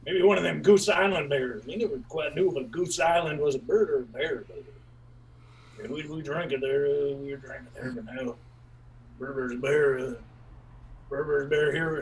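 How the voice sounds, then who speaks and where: A man doing an absurdist stand-up bit at an open mic, rambling and repeating himself in broken folksy grammar, with halting fillers and sudden shouted bursts. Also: medium pitch, gravelly, far from the mic, a little hiss or hum, poor audio.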